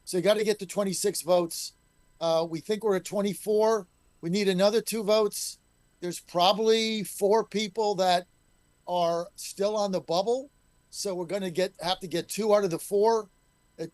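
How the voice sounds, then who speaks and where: A man's voice: high-pitched, fairly even intonation, moderate pace, darkish tone, dry recording. A middle-aged man, a state legislator guest on a talk radio show, speaking in an emphatic, combative way. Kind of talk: call-in talk radio interview.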